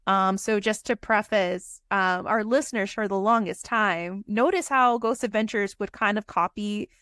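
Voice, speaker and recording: A woman's voice: mid-range voice, normal speed, fairly bright tone, smooth, no room sound, studio quality. Chatty woman telling a story. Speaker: guest. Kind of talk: casual podcast storytelling.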